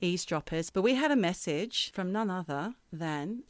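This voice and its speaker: A woman's voice: fairly low pitch, expressive, normal speed. A woman from the UK co-hosting a podcast, chatty with laughing asides. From United Kingdom. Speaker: podcast co-host. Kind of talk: casual chat.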